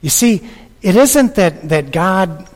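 A male preacher with a high, animated voice delivers a slow, deliberate sermon. He repeats phrases for emphasis and moves between loud outbursts and near-whispers. Long reverb trails behind his words. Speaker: pastor.

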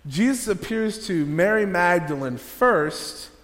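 A man's voice: high voice, expressive, slow pace, fairly bright tone. A man preaching a sermon as pastor, casual and joking, leading the congregation through a hands-on exercise. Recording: long hall reverb.

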